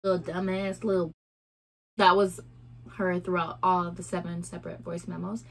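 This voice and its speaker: A woman's voice: lowish voice, level tone, normal speed, gravelly. A young pregnant woman vlogging a casual story time, chatty and full of "like" and quoted dialogue. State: heavily pregnant.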